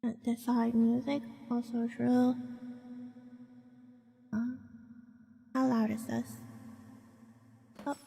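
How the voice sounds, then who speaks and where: Giggly streamer woman, gravelly husky voice. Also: on the high side, flat delivery, takes it slowly, long pauses, dark tone. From Hong Kong. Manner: chatty, giggly, reacts to chat. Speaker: VTuber streamer. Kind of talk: casual live-stream chat.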